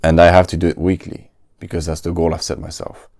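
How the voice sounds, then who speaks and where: A man's voice: low-pitched, level tone, fast talker, creaky, a little mellow, no room sound, clean studio sound. A man, hosting a casual solo podcast, often stopping to search for words and restarting his sentences. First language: French. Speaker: podcast host.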